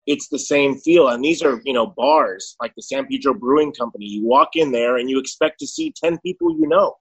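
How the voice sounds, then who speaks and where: A man's voice: medium pitch, breathy edge, low-quality recording. A man who owns a restaurant, chatting casually as a podcast guest over a video call. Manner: chatty, laughs while telling stories. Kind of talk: casual chat.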